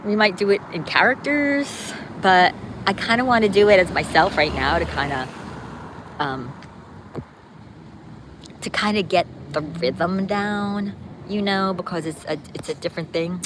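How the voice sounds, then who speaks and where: Out on the street with her dog, this woman livestreams a casual chat with viewers in a lowish, slightly slow voice. It's noisy around her, and her upbeat talk rambles with plenty of fillers and false starts.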